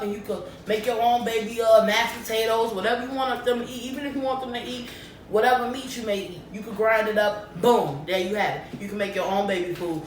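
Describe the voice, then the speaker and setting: A woman vlogging casually to camera in a lively way, often checking in with her viewers. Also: mid-range voice. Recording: echoey room, distant mic, faint noise.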